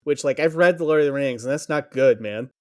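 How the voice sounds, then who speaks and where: A man's voice: mid-range voice, a little fast, a little mellow. A man co-hosting a podcast, riffing on fantasy lore in casual chat with plenty of swearing and jokes. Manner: profane, joking lore rambling. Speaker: podcast co-host.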